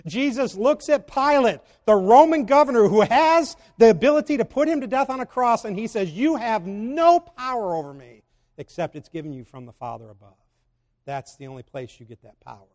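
A man with a high voice preaches a sermon, and a long reverb from the hall hangs on his words. He alternates between loud, emphatic stretches and quiet, slow reading of scripture. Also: big pitch swings.

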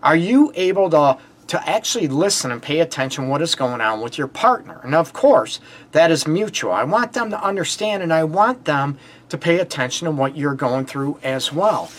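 A Detroit-accented man hosting a relationship advice show, his voice sitting slightly higher than most men's. He preaches in emphatic bursts, firing rhetorical questions and leaning on "you know what" and "let's face it," often breaking into quick laughs. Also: expressive, slight background noise. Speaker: relationship counselor and show host. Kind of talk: call-in advice show monologue.

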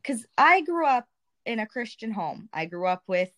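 A woman's voice: on the high side, sing-song, moderate pace, fairly bright tone. A young adult woman earnestly and candidly sharing her faith testimony as a guest, in a colloquial way. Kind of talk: casual testimony retelling.

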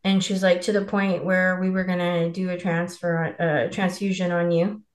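A woman with a lowish, level voice speaks at a normal speed in a roomy-sounding space. She's a podcast co-host telling her birth story in casual chat, rambling, filling gaps with "like," and acting out quoted dialogue.

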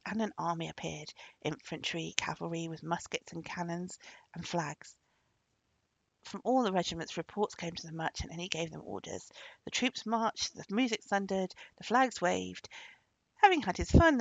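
A woman narrating a storybook as a storyteller, with expressive, lively intonation, on a dull lo-fi recording. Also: on the low side, no echo.

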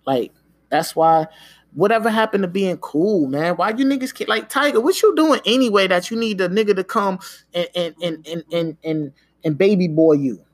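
Guy with a pretty high voice going off on a podcast, emphatic and swearing a lot, dry close sound. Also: no room sound. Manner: emphatic, profane, repeats "man" and "yo"; talks in quick bursts. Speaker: podcast host. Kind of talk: casual ranting commentary.

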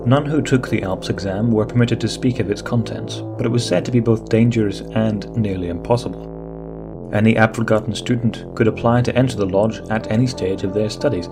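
Low-voiced man narrating a story. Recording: music bed under narration.

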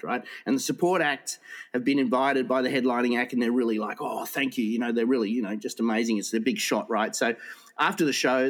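A man telling rambling jokes. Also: mid-range voice. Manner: rambling, restarts and laughs at his own punchlines. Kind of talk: casual joke-telling.

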